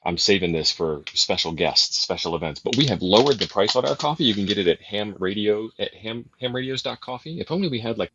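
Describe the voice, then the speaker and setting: A man co-hosting a casual live-stream chat, joking around and pitching the show's coffee. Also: animated, fairly quick, hardly any pauses, a bit bright, husky, lo-fi sound. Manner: joking, reads coffee promos. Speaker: co-host.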